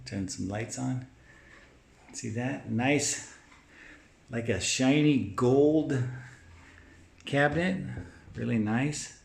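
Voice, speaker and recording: A man with a gravelly, low-edged voice talks through a home tour in a relaxed, easygoing way, pointing out features as he moves from room to room. He is recorded on a handheld camera mic inside the house, with a faint hiss in the background. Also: extremely slow, long pauses. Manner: relaxed, pointing things out as he walks. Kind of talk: casual walkthrough narration.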